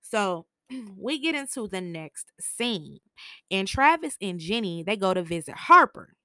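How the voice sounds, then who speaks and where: A woman talks through a TV episode in a casual, slangy recap. She is opinionated and often laughs. Her voice sits at a middle pitch in a dry, close recording. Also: big pitch swings, measured pace, pushed and bright, no room sound. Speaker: TV recap podcaster.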